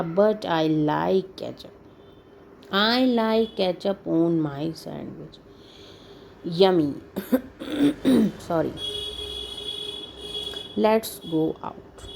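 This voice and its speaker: A woman reads easy children's stories in a very slow, careful way. Her voice sits low and has a gravelly edge. Behind her is a faint hum of room noise. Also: a little mellow, low-quality recording. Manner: slow, deliberate reading with little comments and throat clearing. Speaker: English teacher for children. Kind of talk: reading simple stories aloud to kids.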